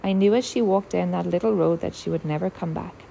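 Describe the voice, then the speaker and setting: A woman voicing a quiet, wistful teenage younger sister with a steady, firm resolve. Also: fairly low pitch, brisk, creaky, a little hiss or hum, low-quality recording.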